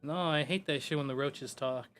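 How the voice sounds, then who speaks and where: Male streamer, casual rambling chat, profane, slightly high pitch, soft music underneath. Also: normal speed. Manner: loose, profane, full of "like" and "you know". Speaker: gaming streamer.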